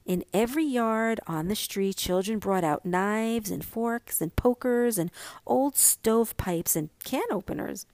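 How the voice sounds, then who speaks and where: Slow, measured woman narrator. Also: mid-range voice, a little mellow, dry recording. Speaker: podcast host and story narrator. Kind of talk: reading a short story aloud.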